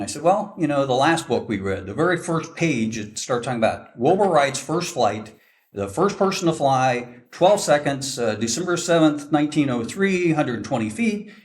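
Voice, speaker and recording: Folksy older man telling a story from afar. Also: mid-range voice. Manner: folksy, self-deprecating storyteller who acts out dialogue. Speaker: guest speaker, veteran forward air controller. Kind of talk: storytelling talk to an audience. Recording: voice from a distance.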